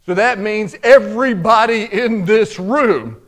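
High-voiced preacher, folksy and dramatic. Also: male voice, unhurried. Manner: folksy, conversational preaching with lots of y'all and man; swings from loud and emphatic to hushed and low. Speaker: pastor. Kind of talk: sermon.

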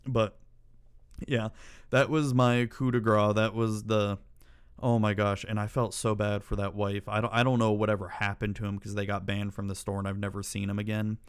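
He speaks at a normal speed in a lowish, clean voice with little pitch movement. The channel host tells stories to camera in a relaxed, wandering way, swearing frequently and ranting in exasperation.

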